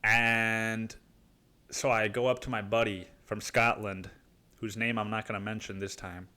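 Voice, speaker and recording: A man's voice: fairly low pitch, flat delivery, a little slow, pushed and bright. Rambling, profane male comic storyteller. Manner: rambling, profane, keeps saying dude. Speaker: podcast host. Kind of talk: comedic storytelling.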